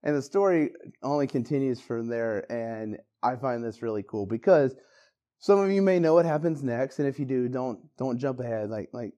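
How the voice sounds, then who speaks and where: A man's voice: medium pitch, normal speed, dull audio. A man preaching a casual, conversational Christmas sermon, acting out the people in the story with bursts of energy. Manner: animated, conversational, acts out quotes with bursts of energy. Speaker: pastor.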